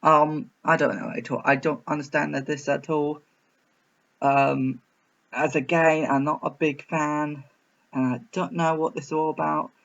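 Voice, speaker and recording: A man's voice: on the high side, fairly even intonation, unhurried, vocal fry, a bit bright. A man reviewing a film in a casual reaction video, rambling and hesitant with many restarts. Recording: slightly muffled.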